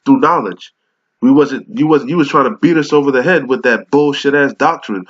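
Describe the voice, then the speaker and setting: A man's voice: mid-range voice, moderate pace. A man with a cold preaching an angry, profane rebuke, reading scripture aloud in old English. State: sick with a cold. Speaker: street preacher. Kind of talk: confrontational rebuke sermon. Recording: dull lo-fi recording.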